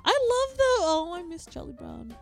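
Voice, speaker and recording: Rozbawiona kobieta o wysokim głosie. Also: female voice, extremely high pitch, sing-song, normal speed, creaky, soft background music. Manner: laughs a lot, swears casually. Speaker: podcast co-host. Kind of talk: casual chat.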